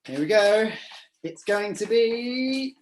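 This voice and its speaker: A woman's voice: mid-range voice, lively intonation, takes it slowly, a little mellow, reverberant, slight background noise. Chatty woman hosting an online show. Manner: chatty, hesitant, full of fillers and restarts. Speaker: host. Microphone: video call.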